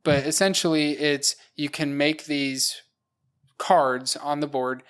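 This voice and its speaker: A man's voice: a little high, steady tone, slow, fairly bright tone, smooth. A man co-hosting a casual podcast chat, methodically explaining his game prep step by step with "uh" and "like.". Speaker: podcast co-host, dungeon master.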